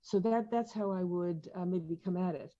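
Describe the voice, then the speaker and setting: A woman's voice: on the low side, normal speed, dark tone, muffled recording. An older woman speaking in a panel discussion, thoughtful, with many fillers and restarts. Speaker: panel speaker, museum curator.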